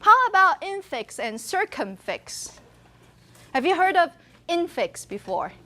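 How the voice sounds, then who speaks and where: High-voiced woman lecturing. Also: unhurried. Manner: animated storyteller, laughs often. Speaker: university linguistics lecturer. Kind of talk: university lecture with anecdotes.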